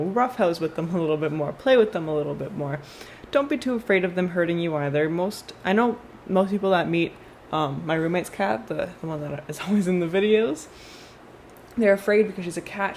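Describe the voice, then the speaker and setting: A woman's voice: on the low side, a little mellow, slight background noise. Chatty woman giving a tarot reading. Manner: chatty, rambling, with frequent fillers and restarts. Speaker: tarot card reader. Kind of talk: casual tarot reading vlog.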